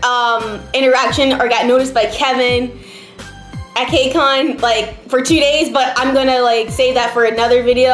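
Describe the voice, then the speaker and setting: Young female vlogger, slightly high voice, chatty and emotional, roomy echo with faint music behind. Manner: chatty, emotional, many fillers, near tears. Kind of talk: casual storytelling to camera. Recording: echoey room, faint background music.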